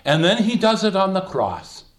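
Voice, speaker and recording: Man, older, Bible study teacher, slightly high voice, very animated pitch, fillers and restarts. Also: normal speed. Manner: lively, thinking aloud with many fillers and restarts.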